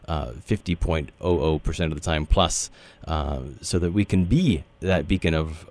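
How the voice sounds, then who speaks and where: A man's voice: low-pitched, a little mellow. A man hosting a spiritual radio talk show, speaking in a meandering, earnest way with many fillers. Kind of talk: casual spiritual radio chat.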